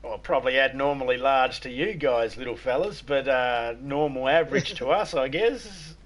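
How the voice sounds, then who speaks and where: A man's voice: mid-range voice, normal speed, fairly bright tone. An Australian man with a mid-range voice, chatting as a livestream host. He drawls crude jokes in an easygoing, matter-of-fact way and keeps dropping "mate". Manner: crude jokes in a laid-back drawl, says "mate" often. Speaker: streamer host. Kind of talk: casual joke-telling chat.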